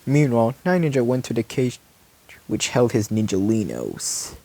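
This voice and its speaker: A man casually reading his own fan story aloud, halting and adding asides. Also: mid-range voice, sing-song, warm tone.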